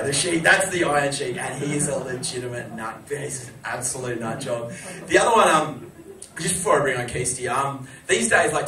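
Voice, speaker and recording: A man hosting a live chat show, telling stories to an audience and breaking into loud shouted impressions. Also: mid-range voice. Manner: animated storytelling with shouted impressions. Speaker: host. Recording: echoey room from far off, crowd.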